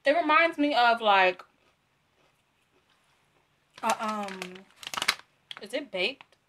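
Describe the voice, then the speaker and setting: A woman's voice: a little high, expressive, very slow, background noise. A young woman reviewing free products in a casual unboxing vlog, chatty and giggly, with many fillers. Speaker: beauty vlogger.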